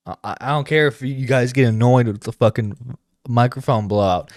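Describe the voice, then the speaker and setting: A man's voice: mid-range voice, moderate pace, darkish tone, no echo, studio quality. A man hosting a reaction stream, bluntly cursing and stammering through restarts. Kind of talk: profane reaction commentary.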